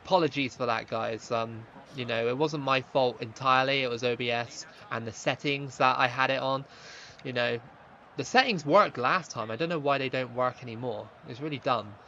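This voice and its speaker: A young man streaming a football game, chatting with viewers and reacting loudly to the play, on a slightly dull lo-fi mic. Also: mid-range voice, moderate pace, a little hiss or hum. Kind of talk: live gaming stream commentary.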